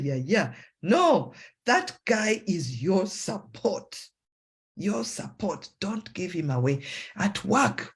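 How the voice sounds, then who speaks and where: A woman psychologist with a Ugandan English accent giving a motivational talk, acting out self-talk in a raised voice. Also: breathy edge. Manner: animated, acts out self-talk in a high voice.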